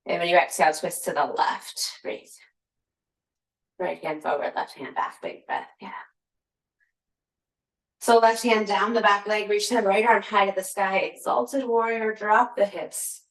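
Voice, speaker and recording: A woman's voice: medium pitch, measured pace, pauses often. A woman teaching a yoga class, calling out poses and breath cues with chatty, laughing asides. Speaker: yoga instructor. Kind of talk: guided yoga class cueing. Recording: echoey room.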